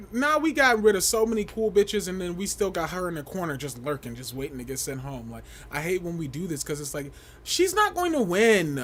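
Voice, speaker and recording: A young man with a high voice that swoops all over, chatting casually on a livestream. He gossips and reacts to the chat with loud shrieks and laughter. His talk is animated and unfiltered. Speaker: livestream host.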